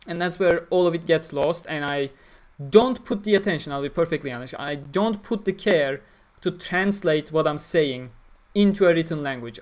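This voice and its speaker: Man, somewhat high voice, blunt casual stream chatter. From Turkey. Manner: opinionated, blunt, talks through ideas with fillers. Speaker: streamer answering chat. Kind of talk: casual livestream talk.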